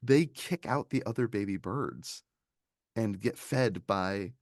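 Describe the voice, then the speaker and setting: A low, gravelly man talking through a film in casual podcast chat. He gets animated and slips into small impressions of the characters. The sound is dry and close. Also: slow pace, dry recording. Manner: animated, quoting scenes in little put-on voices. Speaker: podcast co-host reviewing films.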